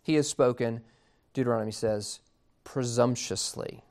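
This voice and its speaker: A man's voice: medium pitch, moderate pace. Conversational, amused male preacher. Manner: conversational, amused, lively storytelling. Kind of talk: sermon.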